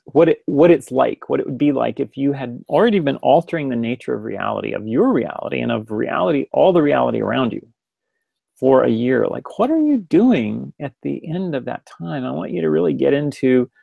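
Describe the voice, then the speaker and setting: A man's voice: medium pitch, gravelly, no echo, highs cut off. A man presenting a webinar in a casual, rambling way, full of restarts and direct questions to his listeners. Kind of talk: casual spoken webinar lecture.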